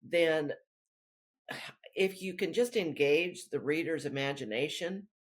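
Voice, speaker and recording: A woman's voice: deep voice, slow pace. A woman author talking through her work in a rambling, chatty way during an interview. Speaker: author guest. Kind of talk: casual interview chat.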